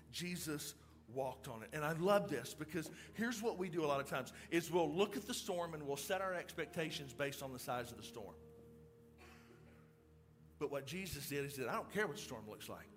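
A middle-aged male pastor preaches a sermon, shifting from calm storytelling into loud, excited preaching. His voice is a little high.

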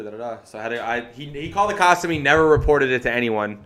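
A man's voice: mid-range voice, very fast, a bit bright. A man co-hosting a podcast, telling a story in a profane, ranting way that keeps repeating phrases. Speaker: podcast co-host.

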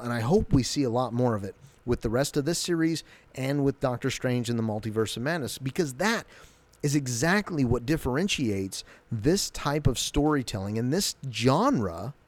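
A man's voice: mid-range voice, darkish tone, no echo. A man giving a casual, enthusiastic recap of a TV episode, loosely retelling scenes. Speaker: show recap host.

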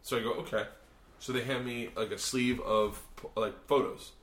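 A man's voice: medium pitch, steady tone, normal speed, a bit bright, reverberant. A man telling a long, profane story casually in a hotel room, laughing often and acting out the people he quotes. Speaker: podcast host and comedian.

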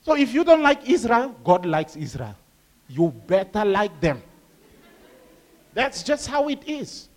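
Lively high-voiced male preacher. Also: a little slow, long pauses. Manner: animated, acts out quoted voices, laughs with the crowd. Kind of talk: sermon.

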